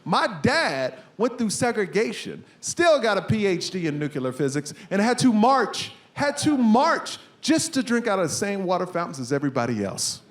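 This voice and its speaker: A man performing an animated stand-up comedy routine on a live stage, bursting out loudly on punchlines. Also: sits high, moderate pace, few pauses. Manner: animated storytelling, loud outbursts for punchlines. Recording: live stage recording with audience noise.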